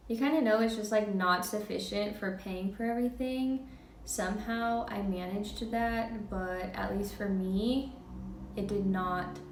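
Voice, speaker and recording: A woman's voice: medium pitch, darkish tone, recorded from a distance. Candid twenty-something woman, vlog talk, a bit off-mic in an echoey room. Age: 20s. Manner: candid, chatty, quick laughs. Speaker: vlogger. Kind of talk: casual personal vlog.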